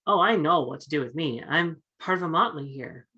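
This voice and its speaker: Woman role-playing her character, bright sharp voice, rambles a bit, muffled stream sound. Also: deep voice, animated, fairly quick, breathy edge. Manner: earnest, rambling with restarts. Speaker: player. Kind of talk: in-character tabletop role-play.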